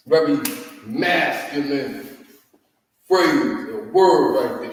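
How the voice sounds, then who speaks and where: A man's voice: a little high, takes it slowly, long pauses, distant mic. Drawling man teaching in an echoey hall. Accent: Southern US. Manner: drawling, repeats words, asks "you know what I mean?". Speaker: class teacher. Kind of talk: language lesson at a whiteboard.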